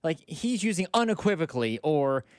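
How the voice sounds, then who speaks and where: Lively, high-voiced radio sidekick man. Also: clean tone, no echo, studio quality. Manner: lively, halting, restarts often. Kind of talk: casual sports radio banter.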